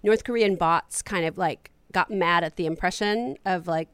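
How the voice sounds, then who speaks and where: A woman's voice: lowish voice, moderate pace, smooth, no room sound. A woman comedian being interviewed, talking in a rambling, hesitant way with laughs between thoughts. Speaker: comedian guest. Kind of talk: casual interview chat.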